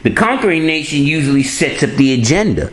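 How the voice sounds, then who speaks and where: A man tells streetwise stories in a lively, rising-and-falling voice. He swears freely and restarts his sentences often. The room around him is roomy and echoey. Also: a little high, a little fast. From New York. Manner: streetwise, profane, storytelling with many restarts. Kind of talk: casual conversation.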